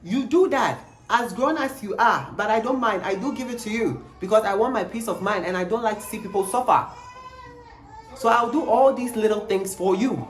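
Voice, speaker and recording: A young man tells a storytime vlog. He is emphatic and animated, and he keeps firing rhetorical questions. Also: high voice, normal speed. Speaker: vlogger. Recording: roomy echo, faint background noise.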